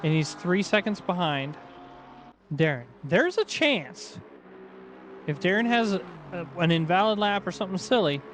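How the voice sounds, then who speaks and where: A man with a fairly high voice calls a sim race live, cracking jokes between updates. His talk is quick and playful. A steady hiss of noise sits behind him. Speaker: sim racing commentator. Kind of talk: live race commentary with banter.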